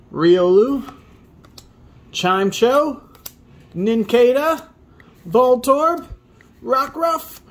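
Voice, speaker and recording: A man hosting a video where he opens trading card packs, reading off each card and breaking into excited high exclamations at the good ones. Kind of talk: casual pack-opening commentary.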